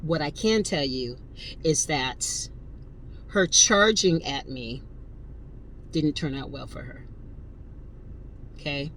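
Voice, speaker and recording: A woman's voice: low-pitched, slow, long pauses, slight background noise, rough recording. A woman in her fifties hosting a podcast, telling a story casually and emphatically and speaking straight to her listeners. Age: 50s. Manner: animated, emphatic, addresses listeners directly. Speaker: podcast host.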